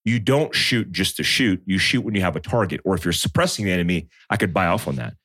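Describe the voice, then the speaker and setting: Male guest, thirties, animated storyteller, close dry mic. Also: sits low, fast talker, no echo. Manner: storytelling, animated, acts out quotes. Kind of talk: casual chat.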